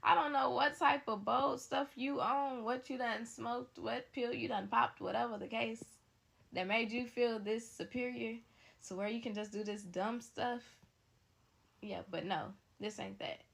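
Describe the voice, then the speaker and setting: Sassy, gravelly-voiced storytelling woman. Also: a little high, measured pace. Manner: animated, sassy, talks to viewers as "y'all". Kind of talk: casual storytime narration.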